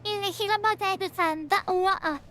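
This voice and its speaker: A woman streamer giving casual gaming commentary in a giggly, halting way with frequent restarts. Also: extremely high pitch, pushed and bright, slight background noise.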